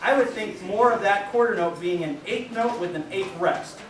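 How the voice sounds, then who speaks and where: A man directing a high school band rehearsal, scatting rhythms on nonsense syllables and counting the players in. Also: normal speed, a bit bright, far from the mic, slight background noise. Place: large band rehearsal room. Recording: echoey rehearsal room from afar with band music. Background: band playing.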